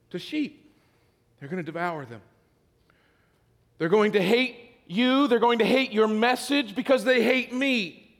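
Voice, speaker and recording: Pastor, man, middle-aged, high-set voice, storytelling with jokes at his own expense; long hall reverb. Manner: storytelling, self-deprecating humor, repeats words when building. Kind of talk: sermon.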